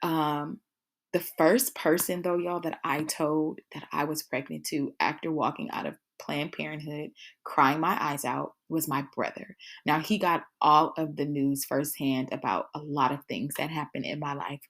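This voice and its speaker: A woman's voice: low-pitched, fairly even intonation, measured pace, a bit bright. A woman hosting her own podcast, telling her personal story in a casual, conversational way, calling her listeners y'all. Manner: conversational, addresses listeners as y'all, frequent fillers. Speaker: podcast host.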